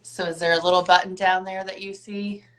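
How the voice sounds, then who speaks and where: Bright chatty woman hosting a wellness talk. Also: mid-range voice, level tone, a little fast, reverberant, rough recording. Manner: chatty, upbeat, lots of "like" and "right?". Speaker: host. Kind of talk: casual wellness chat. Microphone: video call.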